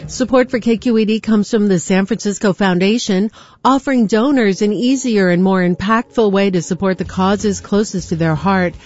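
Breathy woman station announcer. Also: medium pitch, normal speed, darkish tone, no room sound. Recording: slightly muffled broadcast audio with faint music.

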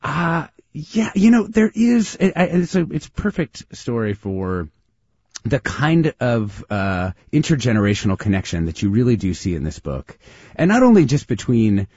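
A man's voice: mid-range voice, big pitch swings, moderate pace, a little mellow, husky, no echo, dull audio. A man hosting a public radio interview, thoughtful and hesitant with many restarts. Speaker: radio host.

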